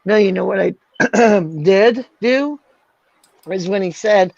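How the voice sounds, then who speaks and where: Here the woman's voice is mid-range and animated but slow as she hosts her channel's livestream. She is ranting in fury, cursing and repeating herself while she vents. The audio is dull, dry and lo-fi, without room sound.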